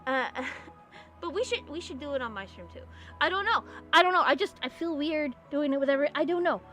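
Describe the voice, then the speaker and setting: A young woman from California chatting casually with her viewers while drawing on stream, rambling, giggly and given to sudden excited squeals. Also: high voice, brisk. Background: faint music.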